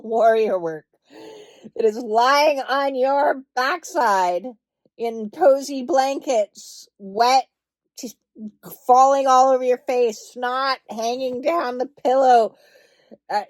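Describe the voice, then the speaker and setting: A woman's voice: sits high, a little mellow, no room sound. A woman speaking as a spiritual healing coach, blunt and emphatic, swearing freely and stretching words for stress, then turning soothing and reassuring. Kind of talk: impassioned direct-to-camera talk.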